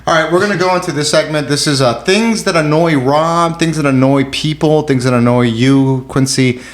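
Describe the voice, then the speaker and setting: A man's voice: fairly high pitch, normal speed. A man in his forties hosting a podcast, complaining and swearing in a casual, exasperated way. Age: 40s. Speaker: podcast host. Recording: roomy echo.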